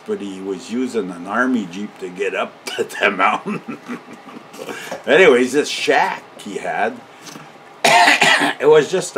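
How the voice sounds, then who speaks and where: A man's voice: lowish voice, a bit bright, a little hiss or hum. An older man telling a casual, rambling story, often chuckling and ending his sentences with a questioning "eh?".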